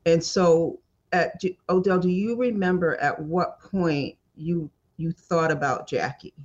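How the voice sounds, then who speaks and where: Higher-voiced man hosting a podcast. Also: measured pace, dull audio. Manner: gentle, probing questions and long reflective turns. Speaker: podcast host. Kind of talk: podcast interview.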